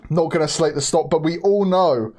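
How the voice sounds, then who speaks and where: A young man hosting a casual livestream, chatty and excitable, laughing often and talking straight to his chat. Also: fairly high pitch, moderate pace. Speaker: livestream host.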